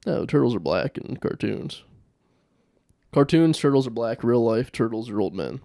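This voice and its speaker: Gravelly-voiced male podcast host joking. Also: mid-range voice, sing-song, normal speed, dark tone, no echo. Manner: playful, jokey, puts on silly voices. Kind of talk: casual comedic podcast banter.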